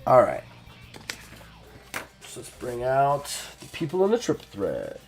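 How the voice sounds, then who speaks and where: A man plays through a wrestling-promoter journaling game on stream. He narrates casually, full of fillers and restarts, at a mid pitch. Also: wildly swooping pitch, unhurried, faint music behind. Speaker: solo game player.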